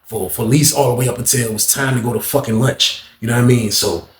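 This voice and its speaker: A man telling a casual storytime in slangy, animated speech, acting out what people said. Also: mid-range voice, fast. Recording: roomy echo.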